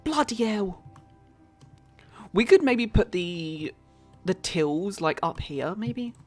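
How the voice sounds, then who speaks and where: A British woman with a lowish voice talks through her game on a live stream. She chats casually, muses aloud as she builds and calls viewers by name. Soft game music plays quietly underneath. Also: expressive, slow pace. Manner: chatty, thinks aloud, greets chat viewers. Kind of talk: casual gameplay commentary.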